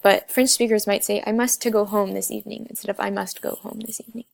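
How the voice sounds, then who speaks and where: A woman's voice: medium pitch, level tone, quick pace, vocal fry, no echo. A young woman narrating a class slide presentation, explaining step by step with frequent filler sounds. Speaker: student presenter.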